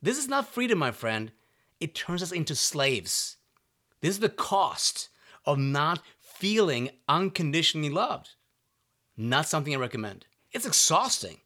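An earnest man delivers a motivational monologue, his voice sitting a little high for a man and swinging widely in pitch. He keeps turning to the listener with quick questions to check that they are following. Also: sing-song, bright, forceful tone. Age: adult parent. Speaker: self-help speaker.

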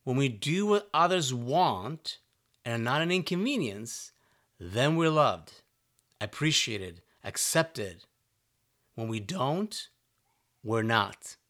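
A man's voice: medium pitch, very animated, slow, long pauses, a bit bright. A man giving a motivational talk to his listeners, earnest and direct, often checking in with "right?" and asking if they are following. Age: adult parent. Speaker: self-help speaker. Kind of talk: motivational monologue.

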